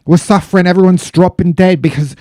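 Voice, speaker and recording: A man's voice: sits high, fairly even intonation, fairly quick, warm tone, no echo, clean studio sound, lightly acted. A man doing a whiny mock-British heat complainer. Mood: whining.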